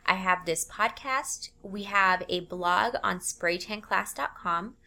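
An upbeat woman in her thirties hosts her own podcast, chatting freely and stopping to correct herself mid-sentence. Her pitch sits in an ordinary middle range for a woman. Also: takes it slowly, creaky, sharp tone. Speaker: podcast host. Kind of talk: casual solo podcast talk.

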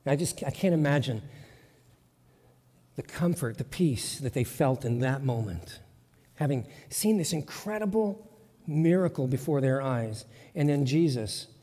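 A man's voice: mid-range voice, animated, measured pace, warm tone. A man preaching a sermon as pastor, in an emphatic, conversational way with lots of repetition. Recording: long church reverb.

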